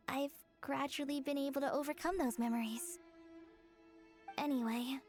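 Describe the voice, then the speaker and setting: Collei, a gentle young ranger. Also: female voice, high voice. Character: young woman forest ranger, gentle and earnest. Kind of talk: video game voice acting.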